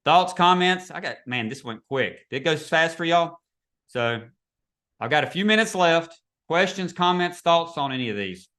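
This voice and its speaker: A man's voice: fairly high pitch, animated, moderate pace, a bit bright, smooth. A man teaching real estate agents in a casual, chatty webinar over a video call. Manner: casual, chatty, repeats himself.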